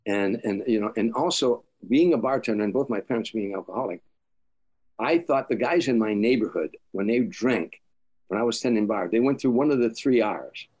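An older man with a fairly low voice, telling stories as an interview guest. He acts out the lines of the people he quotes and often stammers and restarts his sentences. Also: moderate pace, a little mellow. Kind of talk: storytelling interview.

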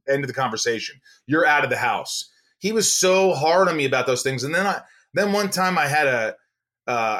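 A middle-aged man, a podcast guest, telling casual stories and acting out the people in them. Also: medium pitch. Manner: animated, acts out quoted people. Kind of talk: casual storytelling.

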